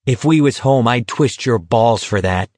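A man's voice: mid-range voice, lively intonation, measured pace, darkish tone, no room sound, studio quality. A man reading aloud, voicing a big insolent young tough who talks in a crude, sneering, profane way.

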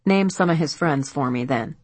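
A woman voicing a stern, blunt male police detective in an audiobook, questioning in a firm, measured way. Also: deep voice, a little mellow, no room sound. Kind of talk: audiobook character voice.

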